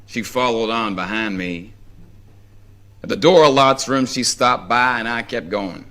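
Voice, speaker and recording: A man's voice: mid-range voice, a bit bright. Drawling Southern man reading a story aloud. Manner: slow drawling first-person storytelling, wry. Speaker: reader. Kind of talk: live dramatic reading of a story.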